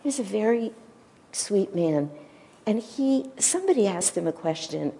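A woman giving a gentle devotional talk and retelling a story, pausing at times to search for her words. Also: mid-range voice, big pitch swings, gravelly, long reverb tail. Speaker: spiritual teacher.

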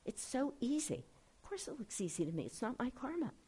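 A middle-aged woman, a spiritual director, giving an earnest, gentle talk to a class and reading quotations aloud. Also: a little high, sing-song, brisk, breathy edge.

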